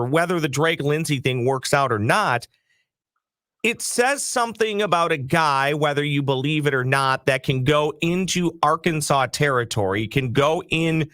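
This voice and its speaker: A man's voice: on the high side, fairly bright tone, no room sound, studio quality. A man co-hosting a sports chat show, talking earnestly and building his point through repetition. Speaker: sports podcast co-host.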